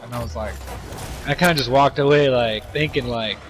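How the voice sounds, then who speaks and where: A man's voice: mid-range voice, quick pace, faint music behind. A young man telling a story in casual chat, rambling with lots of fillers and swearing.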